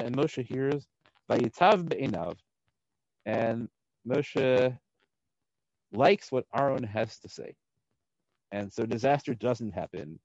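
Male Torah teacher, mid-pitched, reads Hebrew verses and explains them, keeps asking "right?", lo-fi dry audio. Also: dry recording. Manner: animated, frequent "right?" checks. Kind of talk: text study lesson.

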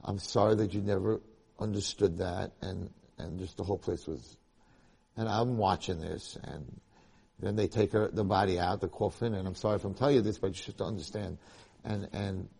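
Brief: low, husky man, lively lecturer, long hall echo. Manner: animated storytelling, rising to loud emphasis. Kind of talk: Torah lecture to a live audience.

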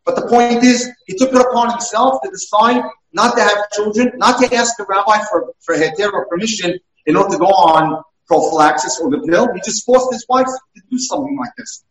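A man's voice: high voice, brisk, few pauses, a bit bright, a little hiss or hum. A man who works as a dating mentor, telling case stories one after another. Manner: storytelling through examples. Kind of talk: talk. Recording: roomy, from far off.

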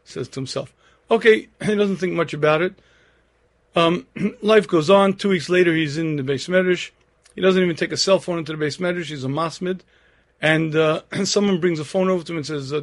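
Man, 50s, Torah lecturer, earnest storyteller, slightly high voice, frequent throat-clearing. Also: fairly quick.

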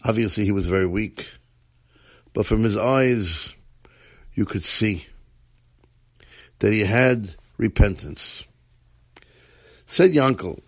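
A man telling a story in a measured, deliberate way. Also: on the low side, expressive, creaky, husky, no room sound.

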